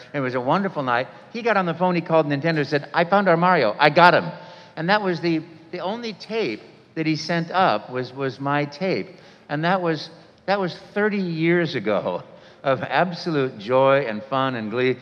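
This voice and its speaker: A man, a voice actor, telling a story on stage in an animated way and voicing people in it. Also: mid-range voice. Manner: animated, voices other people in his stories. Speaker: voice actor guest. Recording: echoey hall, dull sound.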